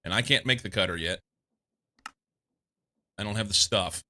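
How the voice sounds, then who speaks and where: A man from the United States streaming a game, thinking aloud in casual commentary, a little congested and quick to laugh. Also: on the low side, pushed and bright. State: slightly congested.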